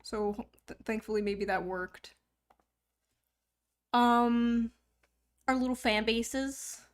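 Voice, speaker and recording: High-voiced young woman streamer joking around. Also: slow. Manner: joking, rambling, self-mocking. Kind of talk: casual live-stream chat.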